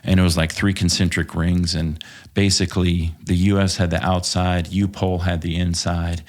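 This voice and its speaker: A man's voice: low voice, level tone, normal speed. A man from Texas, a podcast guest and former police officer, telling stories casually with lots of swearing and "um"s. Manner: profane, hesitant with many fillers. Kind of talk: casual storytelling.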